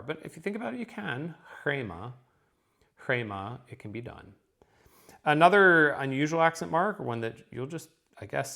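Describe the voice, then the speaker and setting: A man's voice: mid-range voice, a bit bright. A man teaching a recorded lesson, explaining step by step with frequent ums and a checking "okay?".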